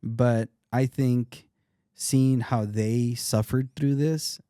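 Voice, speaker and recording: A man's voice: mid-range voice, fairly even intonation, drawn-out words, warm tone, clean tone, no room sound, clean studio sound. A man in his thirties, a podcast guest, talking earnestly and reflectively, often restarting his sentences. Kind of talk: casual interview talk.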